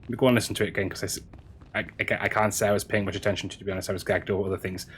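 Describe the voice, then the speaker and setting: A man streaming a game, chatting casually with his audience in a halting way, with frequent restarts. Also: lowish voice, steady tone, a little hiss or hum. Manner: halting, chatty, many restarts, answering chat. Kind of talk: casual stream chat while gaming.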